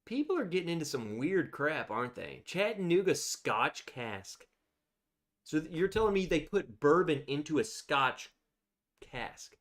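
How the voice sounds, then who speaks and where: A man's voice: a little high, big pitch swings, normal speed. A man hosting a casual livestream, chatting freely, laughing often and reacting to viewer comments. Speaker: livestream host.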